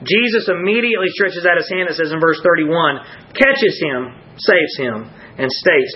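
A man preaching a sermon to a congregation, rising to emphatic peaks and dropping to hushed low lines. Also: lively intonation, moderate pace, muffled recording.

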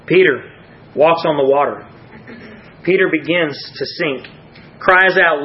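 A man preaching a sermon to a congregation, rising to emphatic peaks and dropping to hushed low lines. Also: slow, highs cut off.

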